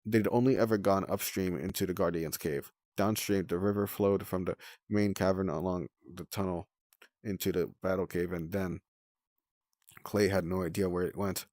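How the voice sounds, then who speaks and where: A man's voice: low-pitched, steady tone, normal speed, a little mellow, no echo, clean studio sound. A man reading a novel aloud on a livestream, in a plain way with small slips and self-corrections.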